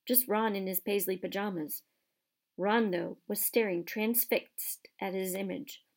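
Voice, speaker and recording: Soft-spoken woman reading a storybook. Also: medium pitch, steady tone, measured pace. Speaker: audiobook narrator. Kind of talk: storybook narration.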